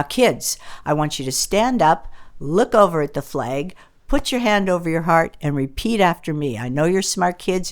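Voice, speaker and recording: A woman voicing a sweet, coaxing kindergarten teacher in a joke she tells. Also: sits low. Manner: sugary, coaxing.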